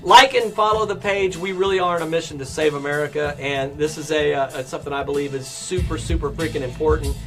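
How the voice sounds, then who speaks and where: A man's voice: fairly high pitch, quick pace, few pauses. A man from Texas, standing in as host in a casual chat, rambling with lots of restarts and fillers. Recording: music playing in background.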